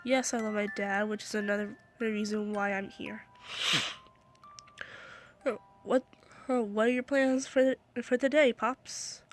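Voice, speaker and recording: A woman's voice: a little high, fairly even intonation, unhurried, pauses often, soft background music. A young woman reading a fan story aloud into her phone, stumbling and restarting often, her throat scratchy. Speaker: story reader.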